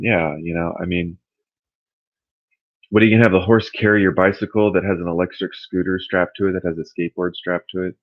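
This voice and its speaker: A man hosting a casual livestream, rambling and thinking out loud as he answers his chat. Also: sits low, no echo, muffled recording. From California.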